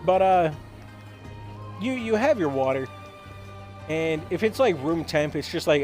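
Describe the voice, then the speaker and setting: A man's voice: fairly high pitch, very animated, a little slow, long pauses, darkish tone, soft background music. A young man rambling in a goofy comedic monologue while gaming, often repeating and stumbling over his words. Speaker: gaming streamer.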